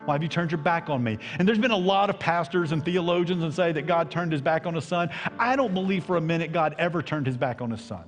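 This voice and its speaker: Impassioned Southern preacher in a reverberant church. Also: male voice, on the high side, quick pace, few pauses. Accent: Southern American. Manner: impassioned preaching, swings from loud to hushed. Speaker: pastor. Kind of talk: sermon. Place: church sanctuary. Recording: long hall reverb, faint music.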